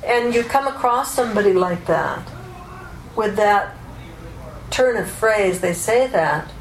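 A woman's voice: medium pitch, lively intonation, slow, long pauses. A woman giving a spoken teaching talk as a psychologist and Vedanta teacher, explaining thoughtfully with examples and asides. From United States. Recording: echoey room, faint room noise.

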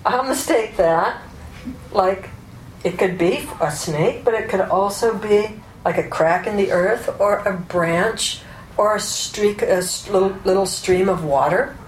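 A woman's voice: medium pitch, a little slow. A woman giving a spoken teaching talk as a psychologist and Vedanta teacher, explaining thoughtfully with examples and asides. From United States. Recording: echoey room, faint room noise.

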